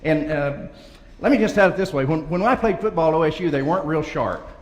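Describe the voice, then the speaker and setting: Delivering a funny speech at a large banquet hall, this motivational speaker, on the high side with lively intonation, moves fast through folksy stories and chuckles frequently. Echo and faint ambience fill the recording.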